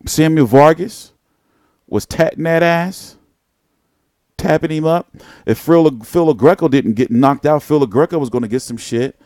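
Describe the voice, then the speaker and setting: A man's voice: a little high, measured pace, darkish tone, no room sound, studio quality. A man hosting a live boxing talk stream, speaking in a blunt, profane and rambling street manner. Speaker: boxing channel host. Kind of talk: casual live boxing commentary.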